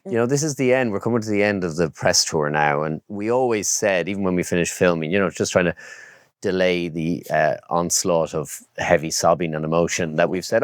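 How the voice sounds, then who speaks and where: A man's voice: sits low, fairly quick, no echo, studio quality. A man, an actor guest in an interview, playful and joking with his co-star. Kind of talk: interview answers.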